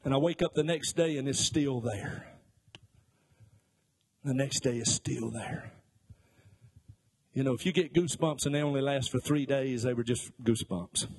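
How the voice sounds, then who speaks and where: Husky-voiced man preaching a folksy sermon. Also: mid-range voice, moderate pace, long pauses, a little mellow. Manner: folksy storytelling with jokes and asides; acts out voices in his stories. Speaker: pastor.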